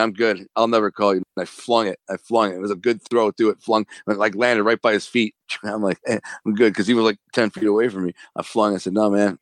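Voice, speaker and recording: A man, a former mob enforcer and author, telling animated, slangy stories in an interview. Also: lowish voice, no echo. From Detroit. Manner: animated, streetwise storytelling with slang and acted-out dialogue. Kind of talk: casual storytelling interview.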